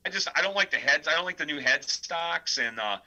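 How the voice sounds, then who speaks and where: A man's voice: a little high, fairly quick, low-quality recording. A man from the American Midwest, a death metal vocalist and guitarist, telling rambling stories as a podcast guest. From Midwest United States. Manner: animated, rambling, many filler words. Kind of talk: casual storytelling interview.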